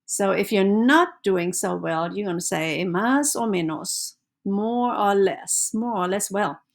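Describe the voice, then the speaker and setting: A woman's voice: mid-range voice, slow, gravelly. A woman teaching a beginner's language lesson, patient and encouraging, repeating phrases for the listener to practice.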